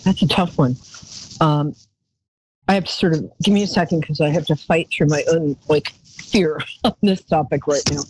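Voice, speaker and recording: A woman's voice: sits low, normal speed, darkish tone, husky, rough recording. A woman hosting a live call-in psychic show, chatty and rambling, calling her callers darling.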